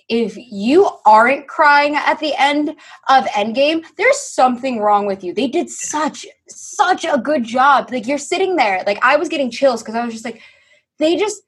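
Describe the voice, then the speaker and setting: A young woman, a podcast guest, telling stories in a lively, animated way, acting out quotes and swearing casually. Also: a little high, unhurried, husky. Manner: animated storyteller, acts out quotes, swears freely. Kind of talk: casual conversation.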